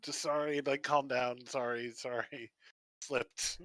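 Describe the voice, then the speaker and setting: A man playing a tabletop role-playing game, mumbling quick apologies. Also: mid-range voice, little pitch movement, a bit bright, dry recording. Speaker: player. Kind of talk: casual tabletop play.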